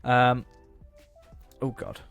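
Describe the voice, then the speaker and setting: A man's voice: medium pitch, fairly even intonation, very slow, gravelly. A man, streaming a game and chatting casually with viewers while he plays, cracking jokes. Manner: joking, chatty, talks to chat while playing. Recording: faint background music.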